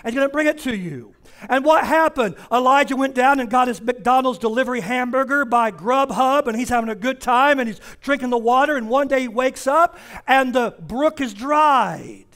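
A male pastor preaching a sermon in a church, driving points home with repeated phrases and slowing down to stress key words. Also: very high-pitched, a bit bright. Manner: emphatic repetition, slows down for stress. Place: church sanctuary.

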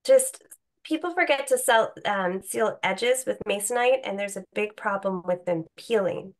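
A woman's voice: mid-range voice, moderate pace. A woman hosting a drawing session on a video call, chatting casually and encouraging the others. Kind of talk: casual chat.

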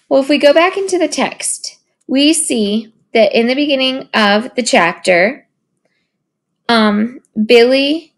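A woman teacher reading a chapter book aloud and then asking comprehension questions, slow and patient with some fillers. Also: fairly high pitch.

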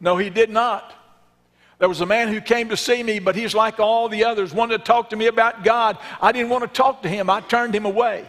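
A man's voice: high-pitched, steady tone, fairly quick, a bit bright, pitched above the performer's own voice. A male preacher playing a bitter condemned prisoner who speaks in a curt, dismissive way. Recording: long reverb in a church sanctuary.

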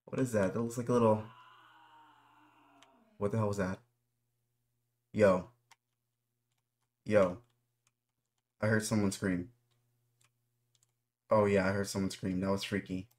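A man's voice: fairly low pitch, flat delivery, unhurried, pauses often, darkish tone. A man giving nervous running commentary while playing a horror game, talking straight to his viewers. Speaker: gaming YouTuber.

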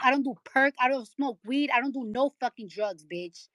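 A woman's voice: fairly high pitch, fairly quick, fairly bright tone, no echo. A woman delivering a heated, profane rant on a live audio chat, repeating lines for emphasis into a phone mic. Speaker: rapper hosting a live audio chat room. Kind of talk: angry live-stream rant.

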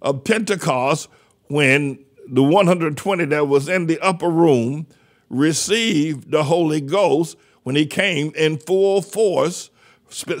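A man preaching a teaching sermon, emphatic, repeating phrases for stress, his pace slowing and then rushing. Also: on the high side. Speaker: pastor.

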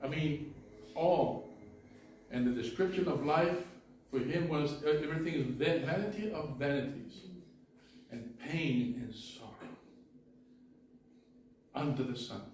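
A man's voice: medium pitch, animated, moderate pace, long pauses, darkish tone, slight background noise. A male pastor preaching a sermon in an earnest way, often restarting his words. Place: church sanctuary. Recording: echoey church from far off.

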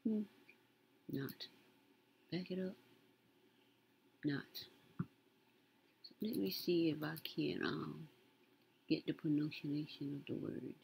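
A woman's voice: deep voice, slow pace, gravelly, long pauses, darkish tone, breathy edge, rough recording. A woman, casually commenting on a news story as she browses, muttering to herself and reading aloud with emphasis. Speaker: content creator reading news.

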